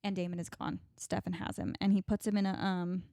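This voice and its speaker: Recorded dry and clean in a studio, this podcast co-host has a fairly low, creaky voice. She chats casually through a TV episode recap and brings it to life by performing the characters' lines in quick asides.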